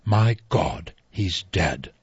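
A man's voice: sits low, animated, drawn-out words, husky, dry recording, heavily acted. A man doing a brusque, grave doctor. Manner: brusque, matter-of-fact. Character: brusque middle-aged doctor, grave and clinical. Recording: dull lo-fi audiobook recording.

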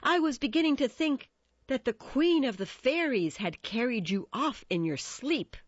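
Woman reader doing an irritable, mocking young man, pitched up, on a dull dry recording. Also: very animated, normal speed, dry recording. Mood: sarcastic. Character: hot-tempered sarcastic young man, Romeo's friend.

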